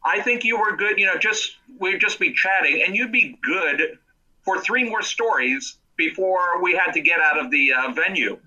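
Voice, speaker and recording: Co-host guy with a really bright, sharp voice, stop-start chat. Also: high-pitched, expressive, low-quality recording. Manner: halting, full of restarts and fillers. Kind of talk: casual chat.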